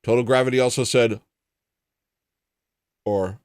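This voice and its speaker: A man's voice: mid-range voice, fairly even intonation, measured pace, no echo. A man hosting a livestream, chatting casually and making dry, sardonic asides. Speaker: livestream host. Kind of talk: casual chat reading viewer comments.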